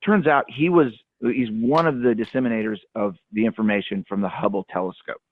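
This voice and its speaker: Low-pitched man, rambling caller, thin phone-line sound, dry. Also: fairly quick, no room sound. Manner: rambling, with many fillers and restarts. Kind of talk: casual storytelling.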